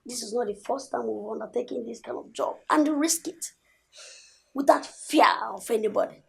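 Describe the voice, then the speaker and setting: A man's voice: very high-pitched, moderate pace, vocal fry, a little mellow, full character voice. An actor playing a brash young prince who argues with his father and schemes with his brother. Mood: scheming. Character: young adult royal son, brash and scheming. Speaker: prince, king's son. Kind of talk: film acting.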